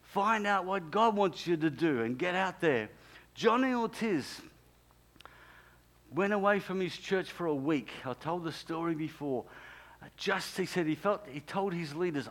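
A man's voice: high-pitched, animated, measured pace, a bit bright. A man, preaching a sermon as a pastor and telling a story with emphatic, repeated key phrases.

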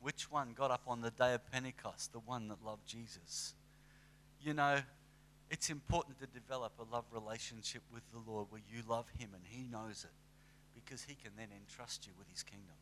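Lively conversational male preacher. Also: medium pitch, moderate pace, slight background noise. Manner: conversational, animated with acted asides. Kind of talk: sermon.

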